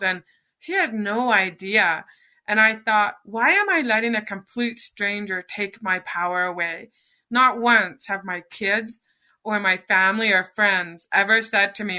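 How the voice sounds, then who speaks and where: Bright-voiced woman telling her story. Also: medium pitch. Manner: earnest, animated storytelling with quoted inner dialogue. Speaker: podcast guest. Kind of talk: personal storytelling interview.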